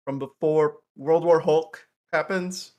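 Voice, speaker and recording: A man in casual chat as a stream co-host, rambling with many restarts and trailing off softly. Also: fairly high pitch, slow pace. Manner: mimics characters with raised excited voice.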